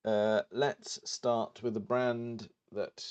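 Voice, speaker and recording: A man's voice: medium pitch, fairly even intonation, extremely slow, darkish tone, clear, resonant tone, highs cut off. A man co-hosting a podcast, dry and hesitant, reading out quiz statements. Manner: dry, hesitant with frequent ums. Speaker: podcast co-host. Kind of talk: casual chat, quiz host.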